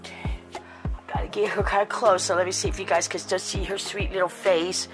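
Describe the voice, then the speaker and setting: A woman hosts a chatty doll-collecting vlog, doting and gushing over each little detail. She talks to her viewers casually, with plenty of ums and soft asides. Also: medium pitch, little pitch movement, brisk, music in the background. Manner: gushing, doting, many fillers. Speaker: doll collector and channel host.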